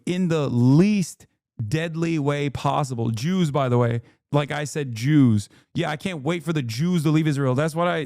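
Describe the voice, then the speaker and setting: A man streaming live, ranting angrily and sarcastically with lots of swearing, his voice going hoarse. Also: fairly high pitch, a little mellow, no room sound, clean studio sound. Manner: angry, swearing, sarcastic rants. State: losing his voice. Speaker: streamer reacting to a video. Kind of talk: heated livestream commentary.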